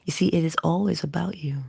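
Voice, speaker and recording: A woman giving an inspirational monologue to her listeners. She speaks deliberately, addresses them directly and drops into whispers for emphasis. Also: sits low, gravelly, a little mellow, husky, no echo, studio quality. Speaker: motivational speaker.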